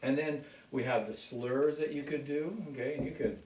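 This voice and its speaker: A man teaching a casual music lesson in a relaxed way, often checking in with "okay?". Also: medium pitch, moderate pace, noisy background. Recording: echoey room, mic far off.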